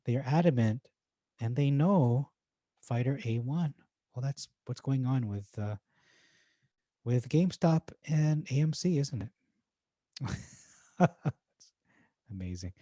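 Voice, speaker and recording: Male vlogger, Irish accent, mid-range mellow voice, relaxed chatty delivery with jokey asides, dry close recording. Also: mid-range voice, slow pace, pauses often, no echo. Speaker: stock market YouTuber. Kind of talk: casual commentary reading forum posts.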